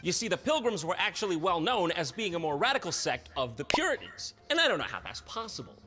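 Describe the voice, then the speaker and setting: Man, comedic narrator, sarcastic and crude, high animated voice. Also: fast, faint music behind. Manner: sarcastic, swearing, bursts of shouting.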